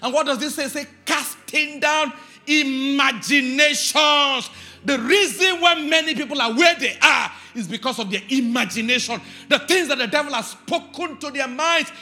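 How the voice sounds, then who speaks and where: A man, a pastor, preaching a sermon with shouted lines and sing-song call-and-response. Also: extremely high pitch, moderate pace, faint music behind.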